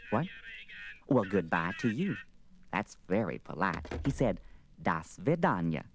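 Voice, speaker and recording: A man playing an older president as a slow, sing-song children's TV show host. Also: low voice, very animated, a little hiss or hum, heavily acted. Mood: cheery. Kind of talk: comedy record sketch.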